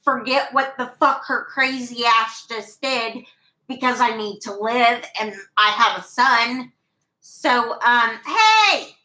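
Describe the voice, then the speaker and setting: A woman's voice: fairly high pitch, animated, slow pace, sharp tone. A young woman vlogger rambling through a personal story in candid, profane casual talk. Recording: roomy echo.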